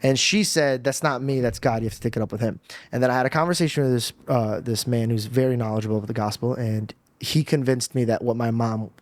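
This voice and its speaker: A man's voice: medium pitch, fast talker, dry recording. Casual young man telling a testimony. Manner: casual, animated storytelling with slang. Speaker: podcast guest. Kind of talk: emotional personal testimony.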